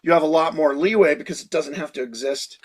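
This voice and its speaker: A man in his sixties, a guest in a casual interview, telling animated stories and laughing often. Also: on the high side, quick pace, slightly rough. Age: 60s. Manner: animated storyteller who laughs often and acts out quotes. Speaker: guest creature designer.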